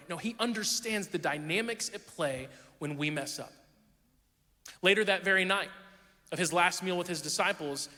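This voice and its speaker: A young man preaching a sermon, telling a funny story about himself in an animated, self-deprecating way. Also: sits high. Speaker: pastor. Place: church auditorium. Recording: long hall reverb.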